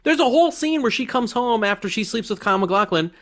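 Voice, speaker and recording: A man's voice: very high voice, expressive, fast, a bit bright. A man co-hosting a movie review podcast, talking in a loose, profane, jokey way and acting out quotes from the film. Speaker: podcast co-host. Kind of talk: casual movie review chat.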